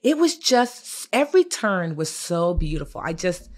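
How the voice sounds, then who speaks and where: A woman co-hosting a podcast in a studio, telling a story in an animated, chatty way. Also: on the low side, measured pace. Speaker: podcast co-host. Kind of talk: casual chat.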